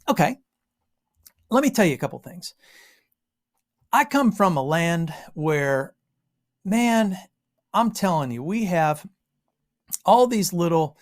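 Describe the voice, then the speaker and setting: An American woman from Western Pennsylvania giving an informal Bible exposition, telling stories with frequent asides. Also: mid-range voice. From Western Pennsylvania, USA. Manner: animated storytelling with frequent asides. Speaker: Bible teacher.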